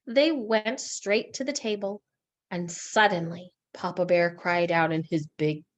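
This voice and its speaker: A woman teacher reading a story aloud in a lesson, expressive and asking questions. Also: fairly low pitch, unhurried.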